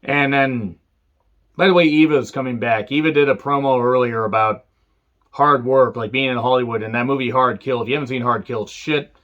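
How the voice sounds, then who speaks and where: With lo-fi audio and a medium-pitched voice, a man tears into a wrestling show in a casual rant, cursing freely and staying dry and sarcastic until he suddenly snaps with sharp outbursts.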